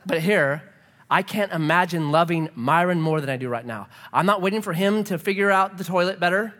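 A man's voice: high-pitched, fairly quick. A man in his thirties preaching a sermon, telling family stories and acting out the voices in them. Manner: animated storyteller, acts out voices. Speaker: pastor.

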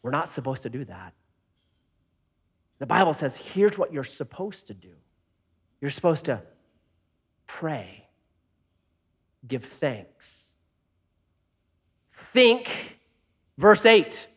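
A male pastor preaching with a high, very animated voice that leaps around. He tells stories with jokes, then turns soft and quiet for his prayerful points. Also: takes it slowly, pauses often, breathy edge. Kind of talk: sermon.

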